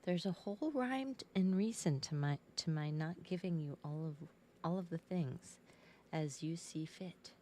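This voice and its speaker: Woman, low voice, slow pace, chatty live-stream painter, greets viewers. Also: mellow, slight background noise. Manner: chatty, greets viewers and talks to her cat. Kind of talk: casual live-stream chat.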